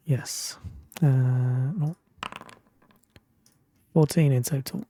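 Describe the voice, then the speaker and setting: A man playing in a tabletop game, hesitant and pausing often. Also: medium pitch, fairly even intonation, warm tone, slight background noise. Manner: hesitant, many pauses. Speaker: player. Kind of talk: casual tabletop play.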